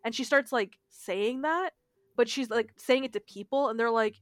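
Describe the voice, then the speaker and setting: A woman co-hosting a podcast, telling a story in a casual, animated way and swearing freely. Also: fairly high pitch, moderate pace, no room sound, studio quality. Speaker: podcast co-host. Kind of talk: casual chat.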